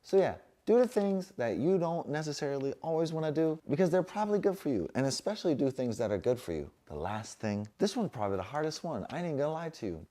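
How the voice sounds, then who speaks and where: A man's voice: fairly high pitch, warm tone. Playful, slangy young man on a couch. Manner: playful slangy delivery, puts on voices for his dog. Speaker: fitness vlogger. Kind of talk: casual motivational talk to camera. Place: home, sitting on a couch.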